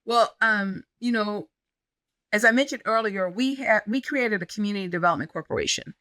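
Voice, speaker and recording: A woman pastor in an interview, telling stories in an animated way and acting out the dialogue she quotes. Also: medium pitch, normal speed, no room sound. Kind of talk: conversational interview storytelling.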